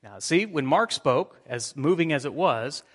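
Preaching pastor with a high-leaning voice in a reverberant church. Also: male voice, a little slow. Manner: energetic preaching, reads scripture aloud, engages congregation. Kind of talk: sermon. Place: church sanctuary.

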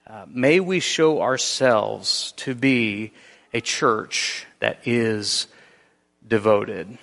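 A man preaching a sermon in a church, earnest, with slow emphatic phrases and frequent restarts. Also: lowish voice, creaky, fairly bright tone. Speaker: pastor. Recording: long reverb of a large hall.

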